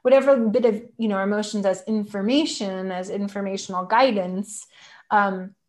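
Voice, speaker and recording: A woman talking as a podcast guest in casual conversation, reflective and gentle, with many fillers like "like" and "right?". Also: mid-range voice, steady tone, moderate pace.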